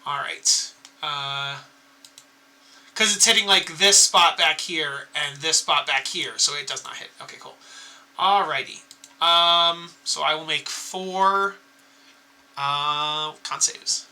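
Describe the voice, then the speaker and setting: A man runs the tabletop session as dungeon master, his voice high and strikingly bright. He makes quick rulings and laughs often. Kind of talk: running a tabletop game.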